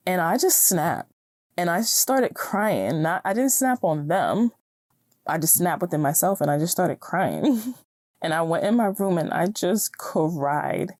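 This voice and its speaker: Low-voiced woman hosting a chatty podcast. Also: darkish tone, no room sound, clean studio sound. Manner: chatty, encouraging, laughs often. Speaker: podcast host. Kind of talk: casual solo podcast talk.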